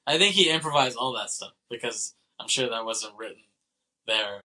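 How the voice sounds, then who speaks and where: A man's voice: mid-range voice, normal speed, pushed and bright, rough recording. A man co-hosting a film podcast, casually retelling scenes with lots of fillers, laughter and quoted lines. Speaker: podcast co-host.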